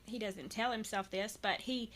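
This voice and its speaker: A woman's voice: mid-range voice, steady tone, normal speed, fairly bright tone. A woman in her thirties, a guest, talking candidly and earnestly about parenting, with many false starts and restarts. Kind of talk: candid personal conversation.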